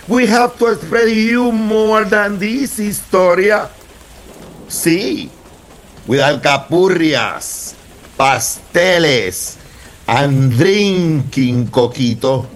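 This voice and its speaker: Slow, chanting older poet. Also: male voice, high voice. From Puerto Rico. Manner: rhythmic, chanting refrains, slipping between English and Spanish. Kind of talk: spoken word poetry performance.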